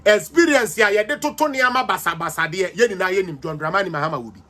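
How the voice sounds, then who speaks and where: A man's voice: high-pitched, quick pace, bright, forceful tone. A Ghanaian-accented man hosting a livestreamed political commentary, combative and mocking as he switches between languages.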